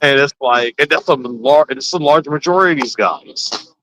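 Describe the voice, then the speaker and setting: A man hosting a casual chat, telling stories with animated swings into quoted voices. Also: fairly high pitch, normal speed, noisy background. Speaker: host.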